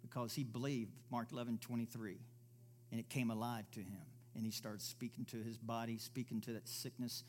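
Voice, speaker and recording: A man's voice: mid-range voice, fairly even intonation, brisk, slight background noise. A man preaching a sermon in a church service, emphatic, firing off rhetorical questions and acting out the voices he quotes.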